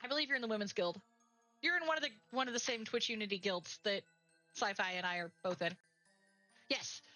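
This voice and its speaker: A woman's voice: medium pitch, pushed and bright, dry recording, low-quality recording. A woman chatting casually on a stream, rambling through a story and acting out her friends' lines. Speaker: co-streamer, game jam teammate. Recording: faint background music.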